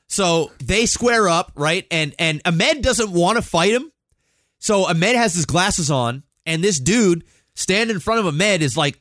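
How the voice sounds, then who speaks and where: A man in his thirties telling a story on a podcast, animated and full of swearing. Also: a little high, normal speed, no echo, clean studio sound. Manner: animated, swears a lot, acts out quotes. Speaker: podcast co-host. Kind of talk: casual storytelling.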